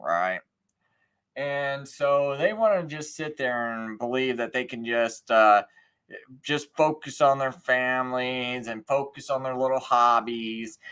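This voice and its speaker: A man's voice: medium pitch, sharp tone, clean tone. Sarcastic ranting man. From United States. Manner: sarcastic, mocking, scornful. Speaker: livestream host. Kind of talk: casual ranting monologue.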